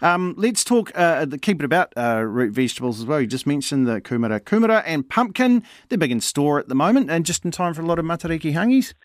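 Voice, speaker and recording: A male radio host, chatting quickly and jokily on air. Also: on the high side, dry recording, studio quality. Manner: quick, jokey, animated. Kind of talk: breakfast radio chat.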